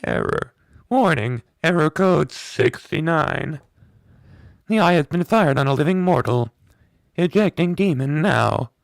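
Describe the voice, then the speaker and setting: A man voicing a malfunctioning magic eye that announces error warnings in a flat, alarm-like way. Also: on the high side, measured pace, gravelly, dry recording, studio quality, pitched above the performer's own voice.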